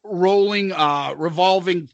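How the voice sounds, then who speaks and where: A man co-hosting a podcast, telling a story in casual chat, animated and profane, acting out the people in it. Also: sits high, takes it slowly, dry recording, highs cut off. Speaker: podcast co-host.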